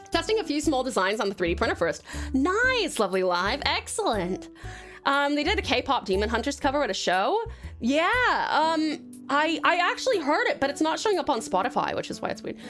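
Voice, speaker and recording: A woman's voice: high voice, sing-song, fairly quick, fairly bright tone, faint music behind. A young woman from Australia with an Australian accent tinged with American, chatting bubbly on a live stream, greeting viewers with pet names and laughing often. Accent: Australian with American traces. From Tasmania, Australia. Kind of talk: casual live-stream chat.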